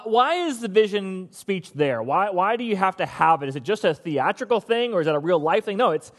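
A middle-aged man preaching a sermon in a conversational, humorous way, with lively bursts. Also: sits high. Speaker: pastor.

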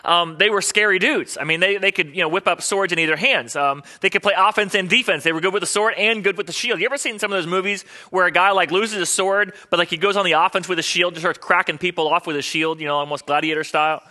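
Fast, bright-voiced male pastor. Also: high-pitched. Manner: chatty, storytelling, quotes people in voices. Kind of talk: sermon with personal stories.

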